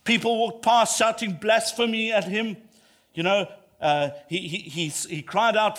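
Male preacher, high voice, emphatic, repeats phrases, builds to passionate peaks. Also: a little slow, a bit bright. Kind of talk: sermon.

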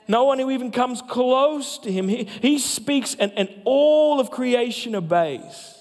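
A man, a pastor, preaching a sermon with emphatic delivery that slows down for key phrases. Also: very high voice, expressive, a little mellow. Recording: long hall reverb.

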